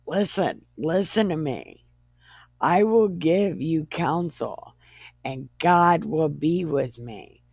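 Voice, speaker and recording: Woman reading scripture very slowly, giggly and irreverent, dry close sound. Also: deep voice, lively intonation, gravelly, darkish tone, breathy edge, no room sound. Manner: giggly, stumbles over words and jokes as she reads. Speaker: Bible reader. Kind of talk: irreverent comedic Bible reading.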